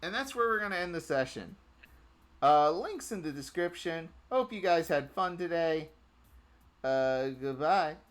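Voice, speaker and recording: A man narrating a tabletop game as game master, unhurried and full of filler pauses. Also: a little high, animated. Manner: unhurried, hesitant with many fillers.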